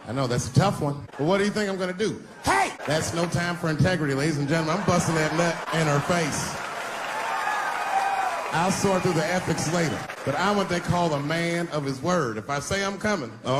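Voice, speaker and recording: A man in his forties delivers a stand-up set from a theater stage into a handheld mic. His pitch sits a touch high and leaps about wildly, jumping from squeaky highs to deep drawls. A faint room hum lies underneath. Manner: animated, swings between high squeals and low drawls for effect. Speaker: stand-up comedian. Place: large theater stage before a live audience.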